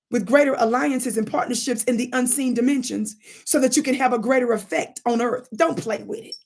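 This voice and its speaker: A woman hosting a spiritual livestream, teaching in an emphatic, preacher-like way, asking her audience rhetorical questions and thanking viewers for their comments. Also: fairly high pitch. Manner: reads viewer comments aloud and thanks them warmly. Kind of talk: live-streamed spiritual teaching.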